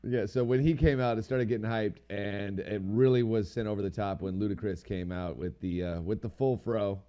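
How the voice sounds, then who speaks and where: A man's voice: on the low side, steady tone, normal speed, muffled recording. A man co-hosting a podcast, chatting casually in a rambling, slangy way and swearing now and then. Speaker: podcast co-host. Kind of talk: casual chat.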